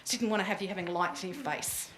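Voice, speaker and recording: A woman coaching a room full of people in a live workshop, chatty and quick to laugh. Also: fairly low pitch, slight background noise. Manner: lively, chatty, laughs easily. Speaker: presentation coach. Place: room with an audience. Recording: echoey room.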